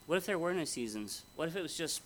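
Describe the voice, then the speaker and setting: Casting: male preacher, somewhat high, bright voice, folksy and conversational. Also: lively intonation, fast, slight background noise. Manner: conversational, folksy, asks the audience questions. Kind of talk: sermon. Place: conference hall before an audience.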